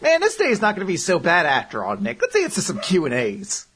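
Reading listener answers aloud, this jokey, animated podcast co-host slips into silly voices whenever he quotes someone during the casual chat. He has a high-pitched voice with a breathy edge and talks a little fast.

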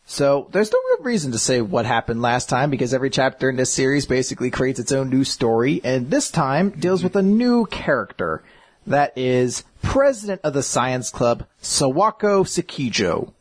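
A man's voice: mid-range voice, very animated, slightly rough. Male podcast co-host, casual and chatty, swears freely, mid-range voice. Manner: chatty, profane, retells scenes with quick character voices. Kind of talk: casual chat about manga chapters.

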